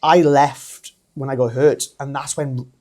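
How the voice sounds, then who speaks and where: A man in his thirties with a Welsh accent, a wrestler telling his story as a podcast guest, animated and laughing often. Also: medium pitch, measured pace. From Wales. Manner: animated, laughs often, acts out quoted voices. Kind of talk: casual storytelling interview.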